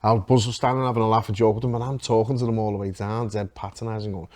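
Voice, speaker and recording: Fast-talking Scouse man telling stories. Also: on the low side. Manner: swearing, animated anecdote telling. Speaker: podcast co-host. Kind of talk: casual storytelling chat.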